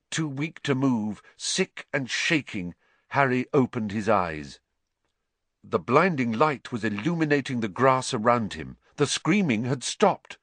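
A man narrating a story in a measured, dramatic way. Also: medium pitch, a bit bright, no echo. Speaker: audiobook narrator.

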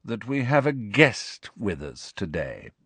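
A cold, sneering male potions teacher, voiced by a man reading aloud. He drags out each word with slow, icy disdain, pitched noticeably above the reader's own voice. The recording is dry and close. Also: big pitch swings, a bit bright, no echo. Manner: slow, drawn-out, sneering delivery.

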